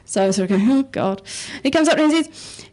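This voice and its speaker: A woman's voice: high-pitched, expressive, very fast, a little mellow. A woman performing a self-mocking stand-up set on a comedy club stage, chatty and casually swearing. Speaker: stand-up comic and researcher.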